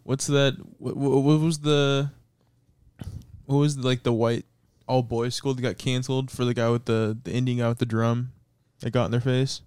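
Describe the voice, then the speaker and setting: A man's voice: mid-range voice, flat delivery, moderate pace, a little mellow, clean tone, no echo, clean studio sound. A young man co-hosting a podcast in casual, crude, joking chat, laughing often. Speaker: podcast co-host.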